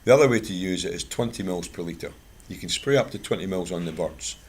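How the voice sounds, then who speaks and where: A man's voice: sits low, fairly quick, slight background noise. A Scottish man from Scotland giving a chatty, plain-spoken talk to a bird club, mixing product advice with anecdotes. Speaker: guest speaker at a bird club.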